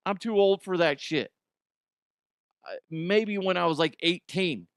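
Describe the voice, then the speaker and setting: A middle-aged man hosting a comedy news show, riffing on odd headlines in an animated, jokey way and swearing freely. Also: sits high, unhurried, vocal fry, smooth, dry recording, clean studio sound.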